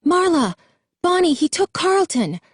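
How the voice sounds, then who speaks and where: A woman's voice: fairly high pitch, very animated, measured pace, husky, no echo, clean studio sound, pitched above the performer's own voice, heavily acted. A woman voicing a frantic, tearful young boy. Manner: yelling, shaky and pleading.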